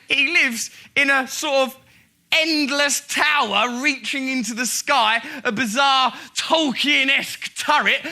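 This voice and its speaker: High-pitched mocking comic man. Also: sharp tone. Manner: mocking, theatrical, laughing through lines. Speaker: comedy host. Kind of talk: comic commentary on archive clips.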